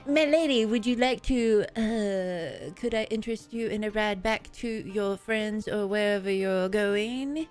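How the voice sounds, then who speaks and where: A woman doing a stingy gruff merchant. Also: medium pitch, unhurried, hardly any pauses, soft background music, close to an everyday voice. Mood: bossy. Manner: haggling, swearing at his helper. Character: gruff stingy male merchant, bossy to his helper.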